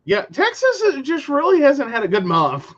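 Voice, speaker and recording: High-voiced man in animated chat. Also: normal speed, muffled recording. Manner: animated storyteller who acts out quotes. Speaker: podcast co-host. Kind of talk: casual chat.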